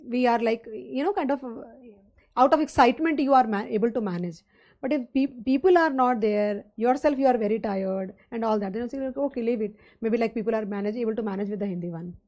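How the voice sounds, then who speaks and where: A woman's voice: on the high side, mellow. A woman with an Indian English accent giving a live online finance lecture, chatty and rambling, with many fillers and questions to her students. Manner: conversational, rambling teaching with fillers and rhetorical questions.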